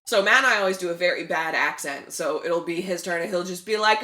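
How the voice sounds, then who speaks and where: Woman commentator, casual and animated, bright voice in a reverberant room. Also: lowish voice, quick pace, hardly any pauses. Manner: animated, laughing, lots of fillers. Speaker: charity marathon commentator. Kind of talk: casual chat.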